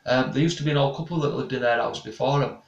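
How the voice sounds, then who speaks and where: A young man rambles through a casual live chat with his viewers. His voice has a gravelly edge. He sits back from the mic in an echoey room. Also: mid-range voice, fast talker, far from the mic, lo-fi sound. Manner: rambling, chatty, restarts often. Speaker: paranormal investigator and channel host. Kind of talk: casual live-stream chat reading comments.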